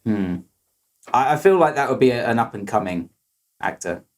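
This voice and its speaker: A man's voice: medium pitch, lively intonation, moderate pace. Male co-host, loose and improvising, mid-range voice. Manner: rambling, improvising, self-interrupting. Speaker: podcast co-host. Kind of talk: casual chat.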